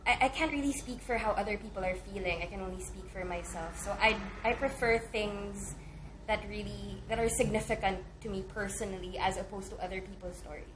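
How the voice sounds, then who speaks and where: A woman's voice: medium pitch, a little fast, background noise. A woman, a confessional poet, speaking about her work and performing a spoken word poem with rising intensity. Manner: confessional, intense, builds from hushed to forceful. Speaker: guest poet.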